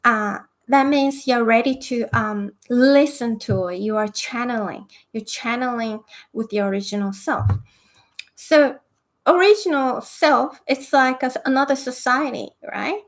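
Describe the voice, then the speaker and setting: Slow, hesitant woman with a higher voice. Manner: hesitant, many fillers. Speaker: spiritual talk host. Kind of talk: monologue on spiritual self-help.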